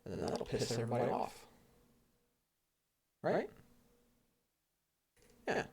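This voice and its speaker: A man's voice: mid-range voice, big pitch swings, slow pace, gravelly, a little mellow, breathy edge, far from the mic. A man giving casual commentary over a strategy game, rambling, thinking aloud and grumbling about the interface. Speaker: strategy game let's player.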